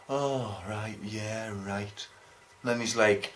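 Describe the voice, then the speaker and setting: A man's voice: lowish voice, fairly even intonation, a little slow. A British man telling an exasperated, sweary and sarcastic story about a bus ride. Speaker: vlogger. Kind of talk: ranting anecdote.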